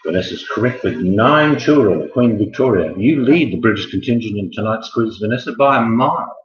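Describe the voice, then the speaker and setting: Man, quiz host, low voice, jokey, rambling asides, roomy echo. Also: animated, fairly quick. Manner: jokey, chatty, wanders into asides. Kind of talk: casual live quiz hosting. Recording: echoey, muffled room sound.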